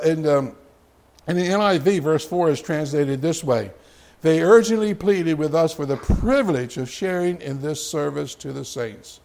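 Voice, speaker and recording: A man's voice: fairly high pitch, a little mellow. A middle-aged man preaching a sermon as pastor, conversational and folksy, with chuckling asides to the congregation.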